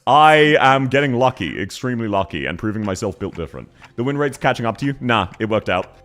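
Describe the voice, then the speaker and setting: Excitable Australian streamer, lively pitch. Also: male voice, fast talker. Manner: excitable, bursts into shouting. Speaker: gaming streamer. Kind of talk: casual game commentary.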